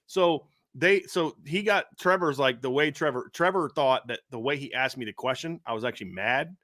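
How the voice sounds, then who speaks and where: A man's voice: medium pitch, normal speed, fairly bright tone, no echo, clean studio sound. A middle-aged man co-hosting a casual post-game sports talk show, telling stories with frequent laughs. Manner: storytelling, laughs often. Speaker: show owner and co-host.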